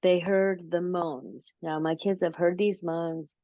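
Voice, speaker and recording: This is a lower-pitched woman, recorded dry and close with dull, lo-fi sound. She talks slowly and casually, drawing out her story with plenty of "um"s and restarts. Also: steady tone, mellow, no echo. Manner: slow, drawn-out storytelling with many fillers. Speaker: interview guest, paranormal researcher. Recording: dull lo-fi audio.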